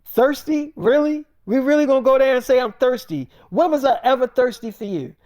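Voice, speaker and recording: A man's voice: very high voice, expressive, a little fast, a little mellow, no echo, clean studio sound, voice pushed up. A man voicing a brash, defiant young woman rapper, cursing in heated slang during a freestyle story. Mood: scornful.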